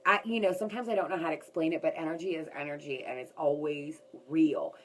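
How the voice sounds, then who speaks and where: A woman's voice: sits low, steady tone, fast, a little hiss or hum, rough recording. A woman vlogger telling a personal story straight to her viewers in a candid, rambling way.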